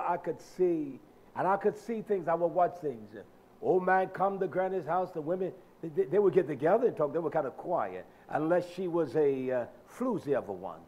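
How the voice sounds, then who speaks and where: High-voiced man preaching emphatically. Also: lively intonation, normal speed, muffled recording. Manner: emphatic, addresses listeners directly, swings between soft and loud. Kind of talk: sermon.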